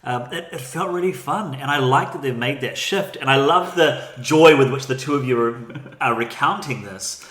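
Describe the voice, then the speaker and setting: A man's voice: medium pitch, normal speed, fairly bright tone. A man co-hosting a film podcast, giving thoughtful, amused opinions with some restarts. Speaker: podcast co-host. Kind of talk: casual film discussion. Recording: echoey room.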